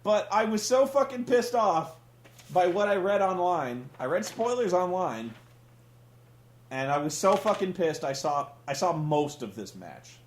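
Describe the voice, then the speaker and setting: A man's voice: sits high, expressive, measured pace, roomy sound, a little hiss or hum. A man hosting a casual comedic rant, sarcastic and profane, sounding exasperated. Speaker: podcast host reviewing wrestling.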